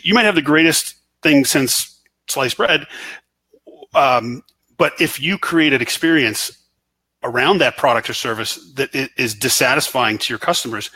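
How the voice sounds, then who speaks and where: A man's voice: mid-range voice, sharp tone, husky, dry recording, rough recording. A man speaking earnestly as an interview guest, stressing business ideas. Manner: earnest, emphatic about business points. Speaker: author, guest.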